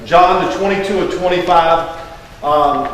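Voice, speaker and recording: A man in his sixties speaks with a Kentucky accent, rambling through folksy, joking stories as the guest of honor. He sits a bit high for a man, and he sounds distant from the mic. His voice rings through a large, echoey hall with a long reverb tail. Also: unhurried, fairly bright tone, a little hiss or hum. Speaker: guest of honor giving a speech. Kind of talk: public speech.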